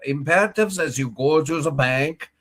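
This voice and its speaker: A man's voice: a little high, a bit bright, voice pushed up, close to an everyday voice. A man putting on a German accent to imitate a man earnestly instructing club treasurers. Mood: lecturing. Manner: slow, instructive.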